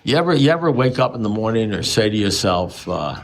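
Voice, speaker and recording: A man's voice: on the low side, fast talker, gravelly, hardly any pauses, slight background noise. A man in his seventies giving a blunt, profane talk at a recovery meeting, firing off repeated rhetorical questions. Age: 70s. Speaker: AA speaker.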